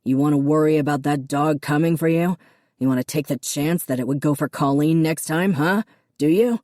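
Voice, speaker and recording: A woman's voice: deep voice, steady tone, unhurried, dark tone, dry recording, studio quality. A woman narrator voicing a harsh, wealthy middle-aged father who talks in curt, contemptuous snaps. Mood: lecturing. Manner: snapping, clipped and contemptuous.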